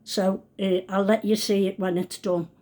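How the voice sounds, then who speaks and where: An older woman, a grandmother cooking in her home kitchen, speaks in a warm, mid-range voice with little pitch movement at a normal speed. It's a casual cooking vlog, and she chats in a rambling way, often correcting herself mid-sentence.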